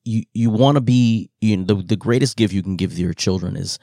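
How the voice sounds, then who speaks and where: Deep-voiced man, 30s, halting podcast co-host, dry sound. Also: dark tone, no echo. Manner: halting, many restarts and "you know" fillers. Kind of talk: casual chat about parenting.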